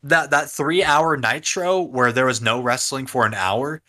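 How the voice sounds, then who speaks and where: A man's voice: mid-range voice, unhurried, bright, forceful tone. A man co-hosting a casual podcast who recaps a show and often chuckles. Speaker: podcast co-host.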